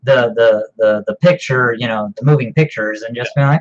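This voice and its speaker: Laughing a lot and swearing without restraint, a man co-hosts a casual podcast, rambling as he goes. His voice is mid-range and his pace moderate; the audio is dull and lo-fi.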